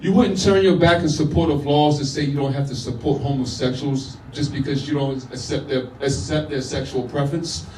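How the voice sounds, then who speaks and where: A man's voice: fairly high pitch, steady tone, fairly quick, hardly any pauses, darkish tone, a little hiss or hum. A man performing spoken word poetry live, with punchy declamatory delivery and casual asides to the crowd. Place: live venue with audience. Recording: echoey room, voice from far off.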